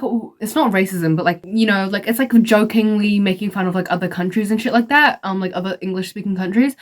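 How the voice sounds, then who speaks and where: A young woman talks straight to camera in a loose, opinionated vlog rant. She is blunt and sassy, swears often and leans on "like" between her thoughts. Her voice sits at an ordinary middle pitch. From outside the United States. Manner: blunt, sassy, profane, lots of "like" fillers. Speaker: vlogger.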